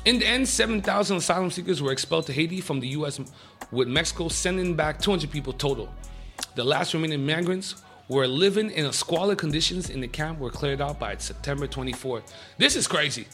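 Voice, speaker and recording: Fast, bright-voiced excitable male radio host. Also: a little high, soft background music. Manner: excitable, jokey, reads news with asides. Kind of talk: casual radio news chat.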